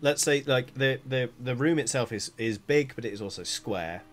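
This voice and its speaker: A man's voice: mid-range voice, moderate pace. A man narrating as dungeon master, describing scenes loosely with lots of fillers. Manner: rambling, filler-heavy description. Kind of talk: narrating a tabletop game.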